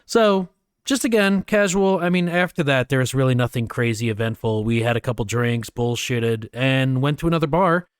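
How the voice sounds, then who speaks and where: A man co-hosting a podcast. He recounts a night out in a relaxed, casual way, swears freely and jumps higher when he acts out quotes. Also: normal speed, smooth, no room sound, clean studio sound. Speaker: podcast co-host. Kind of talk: casual storytelling chat.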